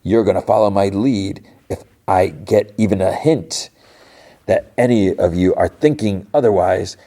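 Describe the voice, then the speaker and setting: A man's voice: low voice, unhurried, warm tone. A man voicing a cruel, sneering male space pirate who threatens a group of children. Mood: scolding. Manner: mocking, threatening, talks down to kids.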